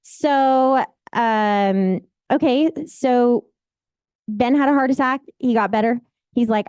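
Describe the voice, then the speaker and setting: A woman in her forties tells her life story with candid, rambling emotion. Her voice sits a little high, and the sound is dry and close, with no room around it. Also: a little slow, darkish tone, clear, resonant tone, dry recording. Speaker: real estate agent. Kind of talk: personal storytelling.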